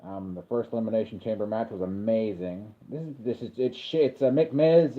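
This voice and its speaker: A man's voice: on the low side, a little fast, hardly any pauses. Chatty man on tinny lo-fi audio. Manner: rambling and chatty, with sudden excited calls of the action. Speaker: livestreamer reacting to a wrestling event. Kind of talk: casual live reaction commentary.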